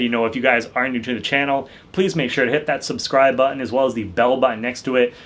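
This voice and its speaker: A man's voice: mid-range voice, fairly bright tone. A young man hosting his channel, talking through a TV episode in a loose, rambling way, packed with "like" and "you know" fillers. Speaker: channel host reviewing a TV episode. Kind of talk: casual review chat.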